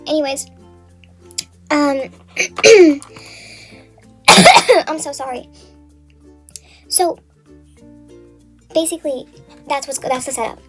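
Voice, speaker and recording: A woman's voice: high-pitched, slow, pauses often, faint music behind. A young woman vlogger casually retelling a story from memory while getting ready, rambling, swearing a lot and saying "like" constantly.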